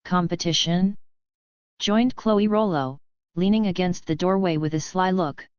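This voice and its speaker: A woman reading a web novel aloud as an audiobook narrator, in a steady, even voice with little acting between the figures. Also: lowish voice, moderate pace, clear, resonant tone, no room sound, highs cut off.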